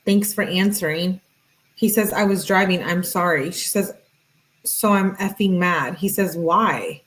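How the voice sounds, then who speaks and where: A woman hosting a true-crime channel, reading text messages aloud in a plain voice and breaking in with quick, skeptical asides. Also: lowish voice, fairly bright tone, poor audio.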